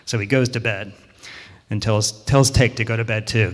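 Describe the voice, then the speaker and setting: A man's voice: on the low side, steady tone, normal speed. A man telling a children's story at a worship service, playful and chatty with the children listening. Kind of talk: children's story told to a congregation. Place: church sanctuary. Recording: long hall reverb in a sanctuary.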